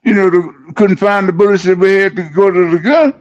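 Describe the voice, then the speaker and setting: Older guy, gruff, cussing, stumbles over words, high voice. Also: steady tone, darkish tone, lo-fi sound. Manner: gruff, swears often, halting restarts. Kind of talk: casual chat.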